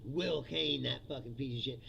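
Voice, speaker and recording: A man's voice: medium pitch, moderate pace, creaky, bright, forceful tone, lo-fi sound, slight background noise. A male comedian in a profane, mocking political rant, often laughing at his own jokes.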